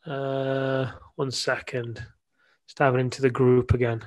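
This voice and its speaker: A man's voice: medium pitch, little pitch movement, unhurried. A man from England who coaches men hosts a casual live-stream interview, chatty and playful, with frequent asides. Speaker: men's coach hosting a live show.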